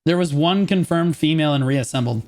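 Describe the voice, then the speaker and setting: A male streamer telling a story to his chat in casual, profane, animated fashion, mocking the people he quotes. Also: a little high, a little fast.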